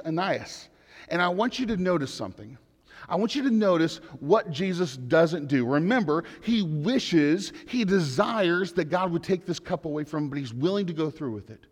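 A man delivers an earnest, reflective sermon, pausing to read and unpack scripture. His voice sits a little high for a man. The sound carries a long reverb, as in a large hall. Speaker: pastor.

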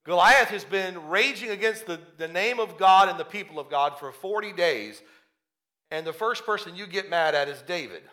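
High-voiced, animated man preaching. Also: moderate pace. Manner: animated storytelling, acts out characters. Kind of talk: sermon.

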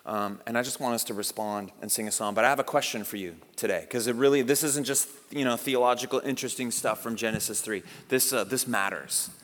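Man, pastor, sermon, conversational, animated, rhetorical questions, church sanctuary, reverberant hall. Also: mid-range voice, brisk, hardly any pauses.

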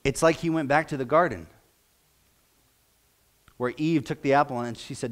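A man's voice: medium pitch, steady tone, moderate pace, pauses often. A male pastor preaching a sermon in a church, emotional and close to tears as he prays aloud. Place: church sanctuary.

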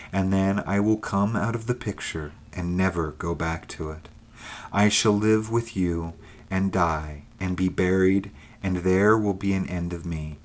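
A man reading the lines of a young woman's ghost, once burned as a witch, in a soft, intimate, pleading way. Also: low-pitched. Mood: tender.

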